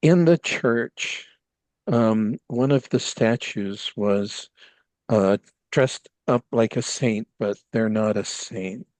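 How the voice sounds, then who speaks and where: A man's voice: on the low side, slow pace, a little mellow, no echo. A man voicing an odd, naive and devout woman in a tabletop game, talking earnestly and rambling with many ums. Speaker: player.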